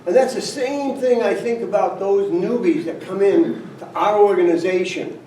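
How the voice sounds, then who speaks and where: A man's voice: high voice, normal speed, mellow, slight background noise. An older man giving a folksy storytelling speech at a company event, tossing in frequent "right?" asides and chuckles. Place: event room at a company trip. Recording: roomy, distant mic with faint ambience.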